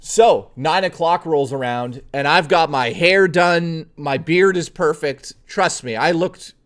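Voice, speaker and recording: Man, streamer, fairly high voice, blunt, swears a lot, casual story to chat. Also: fairly bright tone. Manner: blunt, profane and chatty, talks straight to viewers.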